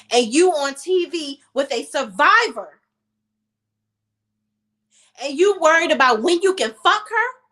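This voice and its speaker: A high-voiced woman gives heated reality TV recap commentary. She is blunt and profane, and she turns emotional when the talk gets personal. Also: a bit bright. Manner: emotional while telling a personal story.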